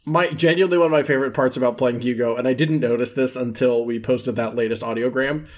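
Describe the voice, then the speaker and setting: An American man chatting and playing his character in a tabletop game, halting and full of fillers. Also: mid-range voice, steady tone. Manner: rambling, halting, many fillers. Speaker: player.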